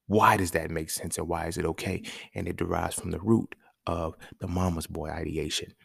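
Deep, husky, and gravelly with a slight brightness, this man's voice holds a steady tone at normal speed. He hosts a podcast, speaking in an emphatic, slangy, profane monologue and checking in with listeners, recorded cleanly in a studio without echo.

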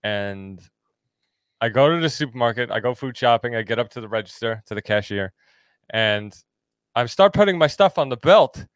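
Male co-host, smooth clear tone, dry close recording, chatty and quick to laugh. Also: mid-range voice, lively intonation, no room sound. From New York. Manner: laughs often, tells stories. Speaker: podcast co-host. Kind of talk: casual chat.

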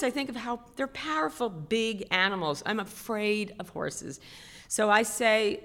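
A middle-aged woman telling a self-mocking story on stage, chatty and animated. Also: mid-range voice, normal speed. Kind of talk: stand-up storytelling. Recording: long hall reverb.

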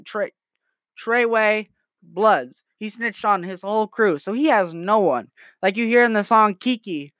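A man's voice: sits high, fairly bright tone, no room sound, clean studio sound. A nineteen-year-old man telling crude jokes and rambling on a casual comedy podcast from his bedroom. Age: late teens. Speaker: podcast host.

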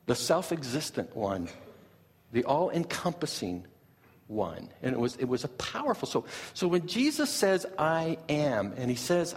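A man preaching a sermon as pastor, animated and often repeating and restarting his words. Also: on the high side, unhurried, big-room sound, slight background noise.

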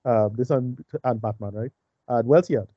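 A man co-hosting a film review podcast, talking in halting runs with many restarts. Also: mid-range voice, no echo, lo-fi sound. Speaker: podcast co-host. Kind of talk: casual film review chat.

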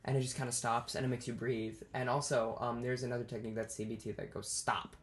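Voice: medium pitch, little pitch movement, quick pace. A speaker in a casual chat, frank and chatty, swearing easily and laughing often.

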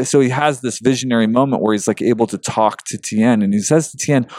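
A man talking a book over in casual chat, earnest and emotional, pausing with fillers. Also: mid-range voice, darkish tone, no echo, studio quality.

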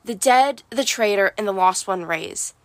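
A woman reading a determined teenage girl reciting a prophecy in a storybook, earnest and slightly halting. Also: mid-range voice, expressive, dry recording, close to an everyday voice. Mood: solemn.

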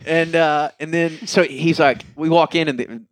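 A man's voice: fairly high pitch, moderate pace, dry recording. Laughing man telling stories. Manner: laughing, animated anecdotes with quoted voices. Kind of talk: casual storytelling chat.

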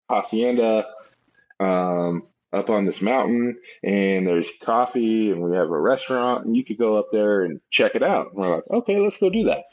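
A man's voice: fairly low pitch, darkish tone. A man chatting casually as co-host, laughing easily and telling a travel story. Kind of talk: casual chat. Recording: dull lo-fi sound.

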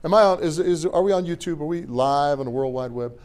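A middle-aged man preaching a sermon as pastor in a church, animated and joking with the congregation between scripture readings. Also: fairly high pitch, quick pace, few pauses. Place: church sanctuary.

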